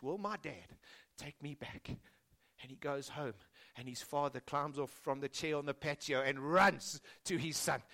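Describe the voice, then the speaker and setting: A man preaching a sermon as pastor, swinging between forceful emphasis and hushed, low phrases.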